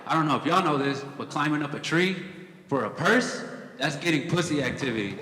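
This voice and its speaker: A man's voice: a little high, expressive, a little fast, noisy background. A young man performing a stand-up comedy set, telling stories in a casual, profane way with dry asides. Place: comedy club stage before a live audience. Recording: echoey hall with audience laughter.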